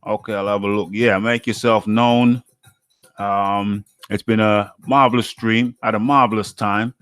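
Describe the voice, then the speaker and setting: A man's voice: lowish voice, normal speed, fairly bright tone, no room sound. A man from the UK hosting a live boxing talk stream, chatting casually and reading out viewer names and comments.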